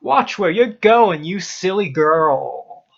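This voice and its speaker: A man's voice: high voice, animated, takes it slowly, vocal fry, muffled recording, full character voice. A man doing a furious old bellowing teacher. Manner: shouting, bullying. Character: miserable old male science teacher, bellowing and cruel.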